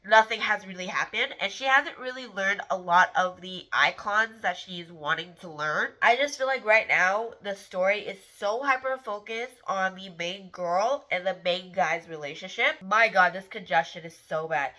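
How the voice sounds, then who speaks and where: A woman's voice: mid-range voice, normal speed, hardly any pauses, sharp tone, low-quality recording. A woman book vlogger with a congested, stuffed-up voice, chatting candidly to camera. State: congested from the flu. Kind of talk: casual chat to camera.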